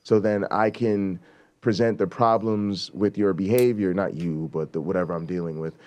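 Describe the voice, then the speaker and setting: A man's voice: deep voice, fairly even intonation, moderate pace, a little mellow. A man hosting a talk show in casual commentary, blunt and emphatic, swearing freely and often checking in with a rhetorical "right?".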